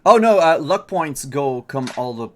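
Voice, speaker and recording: A man running a tabletop game as game master, narrating in a relaxed way with frequent fillers. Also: on the high side, measured pace.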